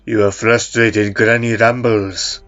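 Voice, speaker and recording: A man's voice: on the low side, flat delivery, slow, a bit bright. A man voicing a cruel male demon who taunts and threatens, in a muffled recording with faint music beneath. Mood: menacing.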